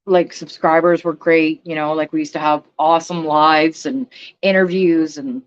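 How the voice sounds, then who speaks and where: A woman's voice: deep voice, fairly even intonation, normal speed, smooth, lo-fi sound. A woman ranting bluntly on a casual livestream, swearing and speaking emphatically. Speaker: vlogger.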